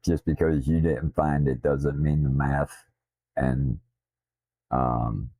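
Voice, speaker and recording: Deep gravelly Southern man, profane and blunt. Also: steady tone, slow, mellow, no echo. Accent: Southern US drawl. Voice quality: deep, slightly slurred from missing teeth. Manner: profane, blunt, self-deprecating. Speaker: streamer. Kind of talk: casual rambling stream talk. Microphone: desktop streaming mic.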